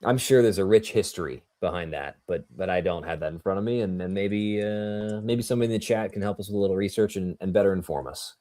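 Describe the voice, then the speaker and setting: A man's voice: low-pitched, fast talker, hardly any pauses, warm tone, no room sound. A man co-hosting a live tennis watchalong, mixing jokey asides with casual play-by-play. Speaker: watchalong co-host and commentator.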